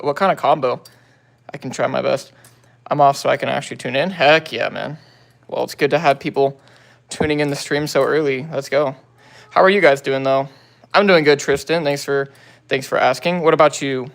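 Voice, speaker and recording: A young man chats casually on a livestream recorded with a phone, reading viewer comments and tossing out quick greetings in laid-back slang. His gravelly voice is medium in pitch and a bit bright.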